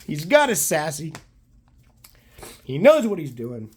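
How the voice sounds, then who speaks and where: A hoarse man hosting a card collecting channel, chatting casually and enthusiastically as he opens his mail. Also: fairly high pitch, wildly swooping pitch, slow pace. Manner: upbeat, enthusiastic, shouts out teams. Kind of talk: casual chat opening mail.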